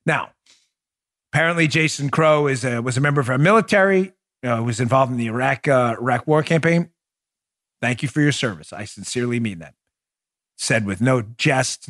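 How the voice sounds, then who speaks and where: A man hosting a political podcast, giving animated and sarcastic solo commentary that often slides into mocking asides. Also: mid-range voice. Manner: animated, sarcastic, breaks into laughter.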